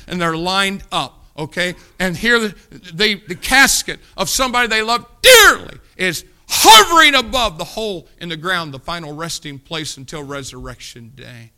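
A male pastor with a high voice preaches a sermon animatedly, shifting suddenly between loud rises and soft drops. He acts out the voices of characters in his stories.

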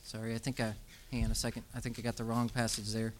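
A man's voice: medium pitch, quick pace, slight background noise. A young adult man preaching a sermon to young people, telling stories and then exhorting them emphatically. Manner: storytelling, animated, emphatic exhortation.

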